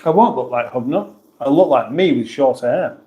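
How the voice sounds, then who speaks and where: An Englishman hosts a casual livestream, reading viewer comments aloud and replying in a chatty, self-deprecating manner. His mid-range voice is expressive and dark, at normal speed, with a roomy sound.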